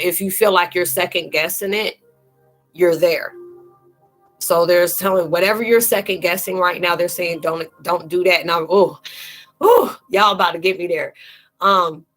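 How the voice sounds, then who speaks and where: Lower-pitched woman hosting a spiritual live chat: tearful, earnest, chatty, with soft music underneath. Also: fairly even intonation, moderate pace, low-quality recording. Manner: emotional and earnest, addressing viewers by name; colloquial, fillers and restarts, calls listeners sweetie. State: close to tears. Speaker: live-stream host and spiritual reader.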